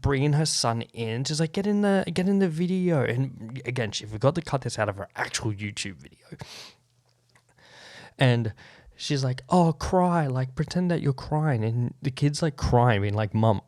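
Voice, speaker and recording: A man's voice: on the low side, dry recording, studio quality. A young adult man hosting his own podcast, chatting casually, swearing freely and laughing at his own remarks. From Australia. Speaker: podcast host. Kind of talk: casual solo podcast chat. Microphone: podcast microphone.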